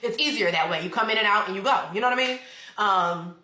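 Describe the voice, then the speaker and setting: A woman's voice: mid-range voice, fast, bright, forceful tone, roomy sound. A young woman telling a rambling personal story in a casual storytime chat at home, full of fillers. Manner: rambling, chatty, with many fillers. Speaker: vlogger.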